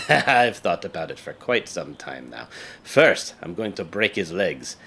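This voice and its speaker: A man's voice: low voice, big pitch swings, unhurried, gravelly, sharp tone, husky, pitched below the performer's own voice, heavily acted. A man voicing a greedy, bullying middle-aged tea house owner in a game, sneering and boastful. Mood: gloating.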